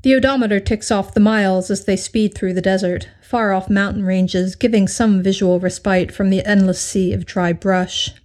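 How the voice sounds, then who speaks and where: Woman narrator, mid-pitched voice, even storytelling, reading fiction aloud. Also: moderate pace, hardly any pauses. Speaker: story reader.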